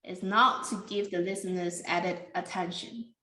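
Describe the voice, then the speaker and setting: A woman teaching English pronunciation in a careful, deliberate way, with simple non-native grammar. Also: lowish voice, steady tone, pushed and bright, reverberant, rough recording. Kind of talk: slow classroom explanation.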